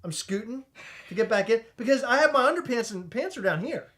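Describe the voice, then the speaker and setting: A man co-hosting a podcast, telling a comedic story in an animated, excitable way, stumbling over restarts and shouting out retold lines. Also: very high-pitched, brisk. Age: adult with a child. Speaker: podcast co-host.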